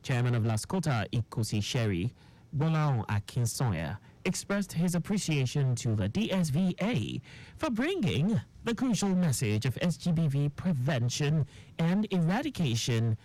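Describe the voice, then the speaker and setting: A newsreader, reading a radio news bulletin in a formal, measured way. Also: mid-range voice, poor audio. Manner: formal, measured read with lively intonation.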